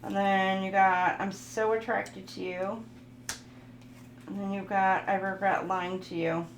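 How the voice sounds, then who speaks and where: A woman with a gravelly, creaky voice gives a loose, joking tarot reading and reads card messages aloud. She sounds like she is in a roomy, echoing space, with faint noise and cards shuffling behind her. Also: mid-range voice, level tone, measured pace, lo-fi sound. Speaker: tarot reader.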